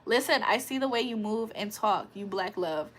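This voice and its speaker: A woman's voice: medium pitch, lively intonation, moderate pace. A woman hosting a casual livestream, joking, laughing and swearing as she reads the chat aloud. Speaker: livestream host.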